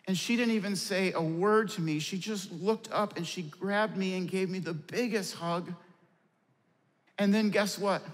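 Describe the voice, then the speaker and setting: Preaching a sermon in a big church auditorium, a pastor with a fairly high voice lets his words fade into a long hall reverb. He tells stories from the pulpit at a measured pace, dropping low and soft each time he reaches a key point.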